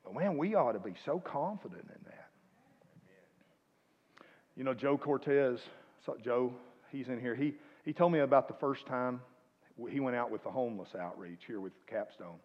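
A man preaching a sermon, swinging between loud exhortation and quiet asides. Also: mid-range voice, moderate pace. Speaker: pastor. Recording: muffled, reverberant church hall.

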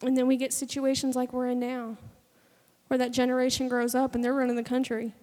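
A woman's voice: high-pitched, completely flat delivery, fairly quick, a little mellow. A woman in her twenties preaching a sermon in a fervent, conversational way, acting out little bits of dialogue. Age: 20s. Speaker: speaker giving a testimony sermon. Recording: long hall reverb.

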